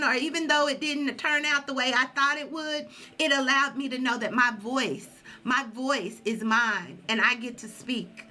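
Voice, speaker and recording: A woman with a high voice gives an inspirational spiritual talk on a live stream. She is emphatic and a little preachy, repeating her key phrases for effect. Her tone is bright and forceful. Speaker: livestream host.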